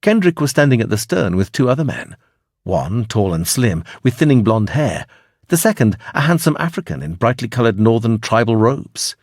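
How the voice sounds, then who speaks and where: Male audiobook narrator, expressive and lively; husky, dry close-mic sound. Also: medium pitch, normal speed, no echo.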